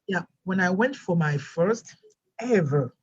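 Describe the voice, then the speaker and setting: Woman with an accent, husky voice. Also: lowish voice, unhurried, lo-fi sound. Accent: non-American English accent. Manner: animated storyteller, acts out quoted voices. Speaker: guest, immigrant teacher. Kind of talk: storytelling interview chat.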